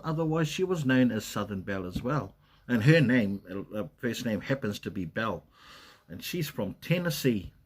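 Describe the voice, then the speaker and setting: Man, livestream host, husky voice, mid pitch, casual rambling chat. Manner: chatty, rambling, greets viewers by name. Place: at home in Western Australia.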